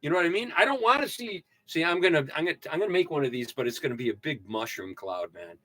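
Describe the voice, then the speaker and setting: An older man hosting a casual livestream, ranting and joking with sudden loud outbursts. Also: on the high side, animated, fast talker. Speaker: livestream host. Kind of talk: casual livestream rant and sign-off.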